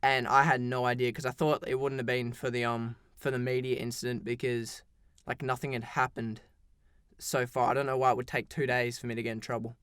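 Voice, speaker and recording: A man's voice: medium pitch, little pitch movement, a little fast, fairly bright tone, smooth, dry recording, clean studio sound. A teenage boy telling a story in a casual, rambling storytime style, full of "like" and restarts. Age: teens. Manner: rambling, heavy use of "like", frequent restarts.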